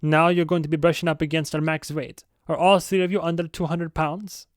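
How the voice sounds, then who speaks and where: Guy putting on a big smug swedish-accent bodyguard, kinda higher and louder, super dry sound. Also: level tone, brisk, no room sound, lightly acted. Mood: coolly polite. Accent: put-on Swedish accent. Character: towering vain male bodyguard, cool and smug. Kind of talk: audiobook character voice.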